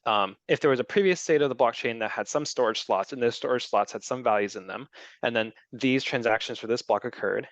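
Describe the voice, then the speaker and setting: A male presenter gives a technical talk with audience questions, explaining things step by step with frequent ums and restarts. His medium-pitched voice moves fairly quickly, and the recording is dry and lo-fi.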